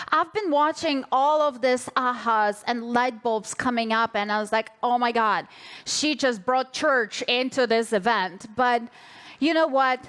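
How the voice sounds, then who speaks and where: A woman's voice: high-pitched, fairly bright tone. A woman hosting a live event on stage, introducing and thanking a speaker with enthusiasm. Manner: enthusiastic, gushing. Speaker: event host.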